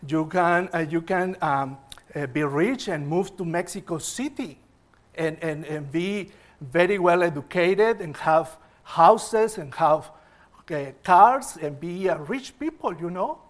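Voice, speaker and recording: A man's voice: on the high side, measured pace, lightly acted. A man voicing an ambitious male business executive who lays out his plans step by step, often opening with "well". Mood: persuasive. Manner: eager, explaining step by step, opens with "well".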